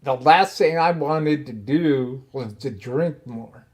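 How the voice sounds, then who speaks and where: A podcast host tells a personal story in a casual, animated manner, laughing often. His voice is medium in pitch and slow.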